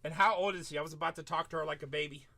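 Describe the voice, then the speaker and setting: A man's voice: fairly high pitch, fairly even intonation, racing, gravelly, bright, forceful tone. A man hosting a live card-break stream, chatting and bantering with viewers as he opens packs. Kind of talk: casual live-stream chat.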